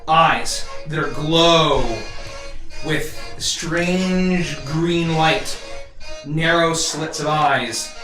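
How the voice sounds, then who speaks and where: A man acting as game master, narrating a tabletop game in a vivid, halting descriptive way. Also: fairly high pitch, steady tone, sharp tone. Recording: roomy echo, distant mic, faint music.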